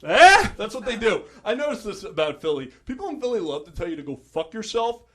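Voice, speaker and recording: A man's voice: high voice, sing-song, quick pace. A young man from New Jersey doing a stand-up comedy set on a club stage, wry and self-deprecating, with hesitant asides.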